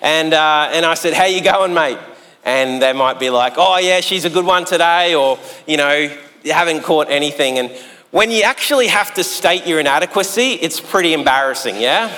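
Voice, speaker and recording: A man, preaching a sermon in a relaxed, joking way with long pauses. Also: on the high side. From Australia. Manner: conversational and jokey, with long pauses. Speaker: pastor. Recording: echoey hall sound.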